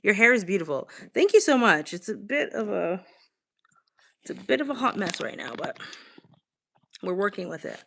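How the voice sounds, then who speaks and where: A woman's voice: medium pitch, very animated, moderate pace, vocal fry, long pauses, fairly bright tone. A young woman with a Boston accent, chatting casually on a live stream, swearing freely and answering her chat. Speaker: livestream host. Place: home, on a couch with a blanket.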